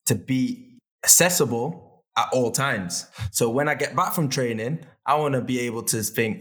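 A young man co-hosts a casual podcast chat in an ordinary mid-range voice. He talks in a relaxed, laid-back way and agrees easily. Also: mid-range voice, normal speed. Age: young adult. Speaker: podcast co-host.

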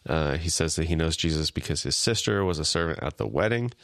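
Low-pitched male co-host retelling scenes, dry and close. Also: animated, quick pace, fairly bright tone, no room sound. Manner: retelling scenes, acting out lines lightly. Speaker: podcast co-host. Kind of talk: casual episode recap.

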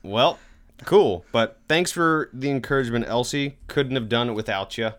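A man's voice: medium pitch, moderate pace, fairly bright tone. A man co-hosting a podcast in casual chat, rambling and self-deprecating. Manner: rambling, self-deprecating, tries joke accents. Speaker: podcast co-host.

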